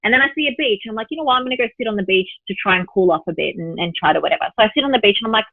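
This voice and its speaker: A woman spiritual teacher, a podcast guest, telling an example story in a lively way and voicing her own thoughts. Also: medium pitch, rapid-fire, hardly any pauses, no echo. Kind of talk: podcast interview. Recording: tinny phone-line sound, dry.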